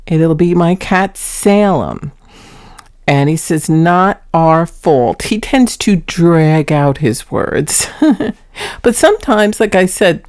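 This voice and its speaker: Woman host, lowish voice, dry close sound, chatty and earnest when setting up clips. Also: darkish tone, no echo. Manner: chatty, earnest, explains each clip before playing it. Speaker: paranormal vlog host. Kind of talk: casual vlog narration introducing clips.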